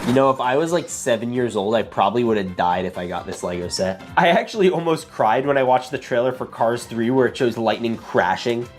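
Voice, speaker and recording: A man hosting a casual building vlog, chatty and excitable as he works. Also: fairly quick, few pauses, soft background music. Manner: chatty and excitable, big pitch jumps. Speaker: LEGO builder and channel host.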